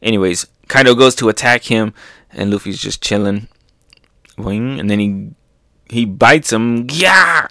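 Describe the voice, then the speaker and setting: A man's voice: fairly low pitch, measured pace, dry recording. A man narrates a comic chapter in a loose, chatty way. He keeps breaking into playful sound effects and laughs. The recording is close and dry, with no room sound. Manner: animated, makes sound effects, laughs often. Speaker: manga reaction host. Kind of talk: casual comic read-through commentary.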